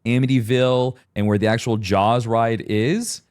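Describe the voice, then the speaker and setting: A man's voice: mid-range voice, normal speed, clean tone. A man in his thirties co-hosting a podcast in casual chat, telling stories animatedly and acting out voices. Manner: animated storyteller, acts out voices. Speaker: podcast co-host.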